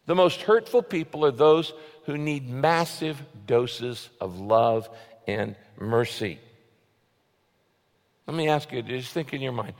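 A man preaching a sermon as a pastor, with earnest emphasis, often dropping to a soft, low voice. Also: creaky, long reverb tail.

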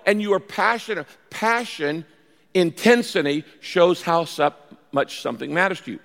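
A man preaching a sermon as a pastor, storytelling with animated delivery and acting out pleading voices. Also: high voice, moderate pace, gravelly. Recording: large hall with long reverb.

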